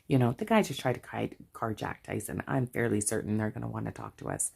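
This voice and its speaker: A woman's voice: a bass voice, lively intonation, a little fast, vocal fry, a little mellow, slightly rough. A middle-aged Canadian woman telling a story in a casual chat, chatty and full of asides. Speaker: budgeting vlogger.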